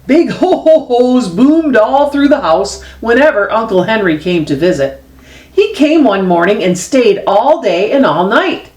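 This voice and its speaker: A woman reading a children's picture book aloud as a storyteller, expressive and unhurried, dropping low for the grown-ups. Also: roomy sound. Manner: slow expressive read-aloud with lively swings; drops low and soft for the grown-ups' voices.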